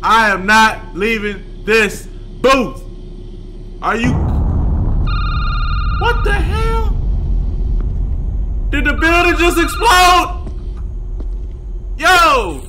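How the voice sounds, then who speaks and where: A young man playing a horror game on a desk mic, jumpy and yelling in slang. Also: very high-pitched, big pitch swings, drawn-out words, long pauses, noisy background. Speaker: gaming YouTuber. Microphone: desk microphone.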